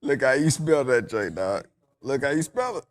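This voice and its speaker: A man's voice: mid-range voice, very animated, moderate pace, slight background noise. A man co-hosting a casual podcast chat, laid-back and laughing often.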